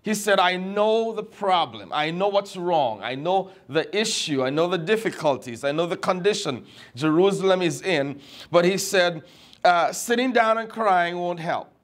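A middle-aged man preaching a sermon, slow and emphatic, repeating key phrases for weight. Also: high-pitched, lively intonation.

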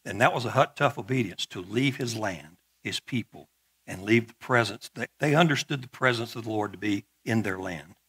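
A man's voice: fairly low pitch, moderate pace, a bit bright, husky. A middle-aged male pastor preaching a sermon in a conversational way, with joking asides and frequent repeated words.

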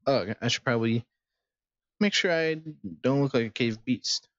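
A man's voice: medium pitch, normal speed, a bit bright, dry recording. A man hosting a gameplay video, making laid-back, mumbly asides between reading lines. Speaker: gaming video host. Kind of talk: casual gameplay commentary. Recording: dull dry game capture with music.

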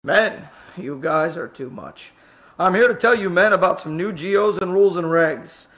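A synthetic male voice plays a pompous one-eyed commander of a fire station in a cartoon skit. He demands respect in stiff, formal phrases. The pitch sits on the high side. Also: normal speed, a bit bright.

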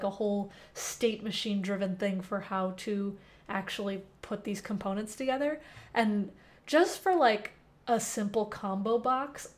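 In a mid-range, slightly mellow voice, a young woman streams casual live coding from a temporary home through a headset mic. She is chatty, reads the chat out loud, and peppers her answers to questions with fillers.

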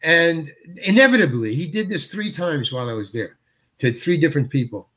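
A man's voice: a little high, lively intonation, a little fast, sharp tone, breathy edge. An older man, an actor guest, tells stories in an interview. He stops and restarts often and chuckles as he goes. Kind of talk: anecdotal interview storytelling.

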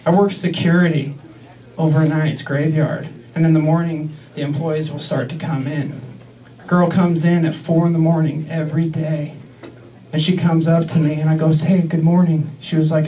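A man's voice: a little high, warm tone, far from the mic, low-quality recording. A young man in his twenties doing a stand-up set in a comedy club, sarcastic and crude with mock-outraged asides.

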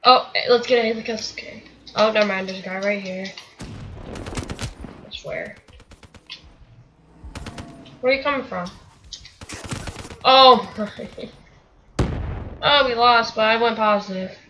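Bright-voiced young woman commenting on gameplay. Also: fairly high pitch, normal speed, long pauses, dull audio, a little hiss or hum. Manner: frustrated muttering, excited outbursts. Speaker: gaming commentator. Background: gunfire from the game.

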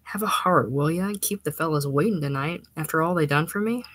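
A woman's voice: sits low, a little fast, fairly bright tone, slightly rough, no room sound. A woman reading the part of a young working-class man, a complacent fiancé who talks in casual slang. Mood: easygoing.

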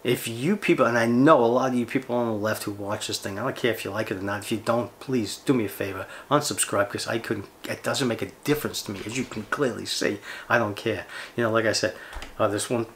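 A man's voice: medium pitch, brisk, fairly bright tone, a little hiss or hum. A man hosting a fishing channel, ranting on camera in a blunt, sarcastic, profane way. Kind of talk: ranting vlog monologue.

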